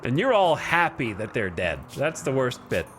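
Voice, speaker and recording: A man's voice: medium pitch, big pitch swings, moderate pace, fairly bright tone, a little hiss or hum. A man voicing an impassioned, grandiose gang-boss-style figure with a put-on Birmingham accent, delivering a scolding eulogy.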